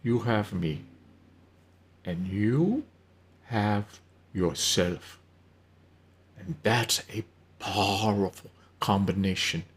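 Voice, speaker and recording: A man voicing an emphatic, caring woman who runs a wig shop, speaking firmly but gently with drawn-out emphasis. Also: on the low side. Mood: gentle, reassuring.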